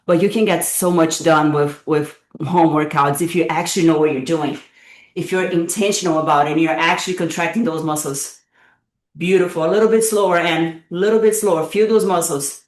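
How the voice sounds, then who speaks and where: Recorded from a distance in an echoey room, a woman with a lowish voice leads a live online workout class as a fitness instructor. She is playful and encouraging, cheering her students on while getting out of breath.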